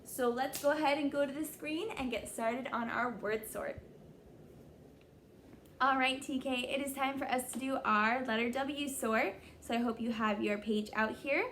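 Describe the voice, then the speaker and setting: A young woman teaching young children a phonics lesson, sounding out letters slowly and praising them often. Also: high voice, fairly even intonation, fairly bright tone, slight background noise. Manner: slow, exaggerated sounding-out of letters; encouraging, praising. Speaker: kindergarten teacher.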